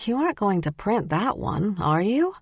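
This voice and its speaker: A woman's voice: mid-range voice, sing-song, normal speed, breathy edge, no room sound. A woman voicing a pushy magazine reporter, upbeat and probing, in an audiobook. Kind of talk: audiobook character voice.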